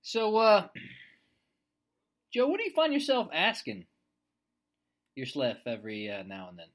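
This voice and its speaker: Male co-host, very animated intonation, playful interviewer who drops lyrics into the chat. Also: a little high, unhurried. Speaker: podcast co-host asking questions. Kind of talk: comedic podcast chat.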